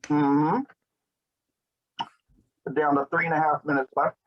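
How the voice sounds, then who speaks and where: A man's voice: fairly high pitch, level tone, a little slow. Chatty man on muffled lo-fi audio. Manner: chatty, jokey, talks with his mouth full. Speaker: show host. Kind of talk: casual on-camera chat during a spicy food challenge. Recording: dull lo-fi audio.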